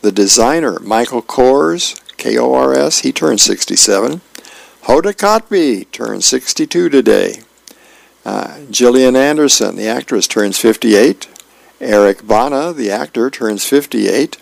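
Slow, gravelly volunteer newspaper reader. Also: male voice, mid-range voice, lively intonation, no room sound, poor audio. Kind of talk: reading newspaper aloud.

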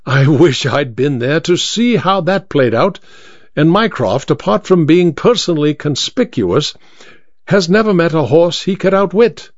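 A man voicing a shrewd Victorian detective who talks in a crisp, bland, self-assured way, in a storybook reading. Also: a little high, expressive, measured pace, no echo, voice pushed up. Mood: explaining. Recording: dry, slightly dull recording.

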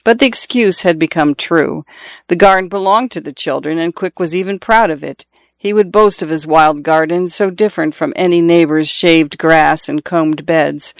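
Smooth-voiced male audiobook narrator. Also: a little high, normal speed, dry recording.

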